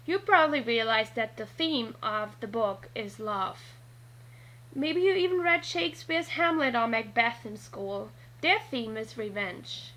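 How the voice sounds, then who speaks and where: A woman with a high voice narrates a scripted lesson at an unhurried, careful pace. Her tone is bright, and she spells out letters one at a time. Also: rough recording. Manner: slow and deliberate, spelling out letters. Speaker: teacher.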